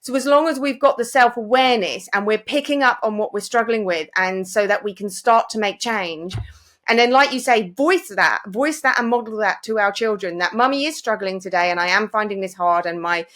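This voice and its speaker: A woman's voice: mid-range voice, fairly quick, a bit bright. A woman who hosts a parenting podcast, talking in a reflective, affirming way. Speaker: podcast host. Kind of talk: casual podcast conversation.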